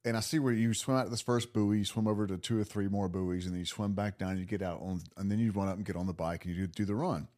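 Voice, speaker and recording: A man guest on a podcast, telling a story in a casual, animated way, laughing and restarting his sentences. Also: fairly low pitch, quick pace, hardly any pauses. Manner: animated, laughing, lots of restarts and acted self-talk.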